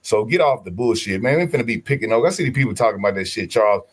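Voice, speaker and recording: Animated, slangy male storyteller. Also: fairly low pitch, very fast, breathy edge. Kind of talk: casual chat.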